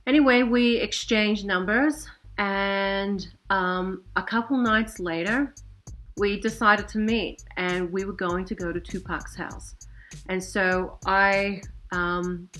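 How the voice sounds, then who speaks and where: A woman's voice: medium pitch, fairly even intonation, slow pace, fairly bright tone, soft background music. A woman in her forties telling a personal story casually, rambling with many fillers and asides. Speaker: vlogger.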